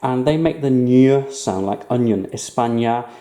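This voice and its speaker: Male language teacher, patient and clear, mellow tone, roomy echo. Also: medium pitch. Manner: clear, patient explaining with slow repeated words. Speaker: Spanish teacher. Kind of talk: online language lesson.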